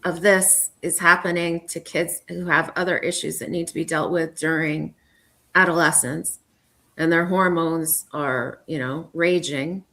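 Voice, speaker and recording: A woman hosting a casual interview, speaking in a measured, thoughtful way and reading out viewer comments. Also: sits low, steady tone, pushed and bright. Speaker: host.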